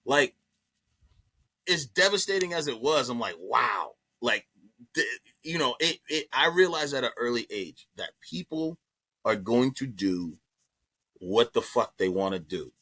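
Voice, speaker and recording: Comedian guy telling a wild story, swearing a lot, sharp forceful voice, dry close sound. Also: medium pitch, measured pace, husky, no room sound. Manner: animated, profane, repeats himself. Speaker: comedian guest. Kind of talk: storytelling on a podcast.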